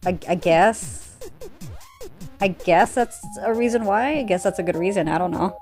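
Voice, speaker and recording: A woman's voice: mid-range voice, moderate pace, darkish tone, faint music behind. A woman reading a fan comic aloud, often stumbling over words and breaking off for sarcastic asides. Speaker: comic reader.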